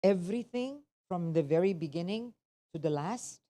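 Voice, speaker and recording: Mellow woman tutor. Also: fairly low pitch, animated, moderate pace. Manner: switches between English and Indonesian, keeps quizzing listeners. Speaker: English test tutor. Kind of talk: workshop teaching.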